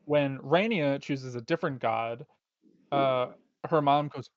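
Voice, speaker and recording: A man's voice: medium pitch, measured pace. A man narrating a tabletop game as game master, in a laid-back, rambling way with many fillers, heard on a dull, lo-fi recording.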